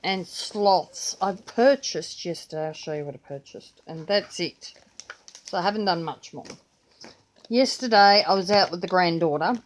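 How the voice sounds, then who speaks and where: An older Australian woman with a grandchild, chatting casually and rambling through her planner and pens in a vlog. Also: on the low side. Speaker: vlogger. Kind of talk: casual chat.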